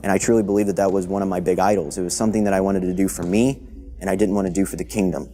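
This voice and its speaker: A man's voice: fairly even intonation, very fast, dark tone. A young man giving a candid, reflective personal testimony. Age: young adult. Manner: reflective, candid, low-key. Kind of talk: testimony interview.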